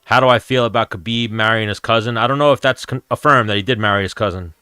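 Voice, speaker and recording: A man's voice: on the low side, fast, bright, forceful tone, clean tone, dry recording, studio quality. A man, hosting a casual MMA chat stream in a blunt, profane, rambling way. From New York, USA. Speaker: MMA show host answering chat.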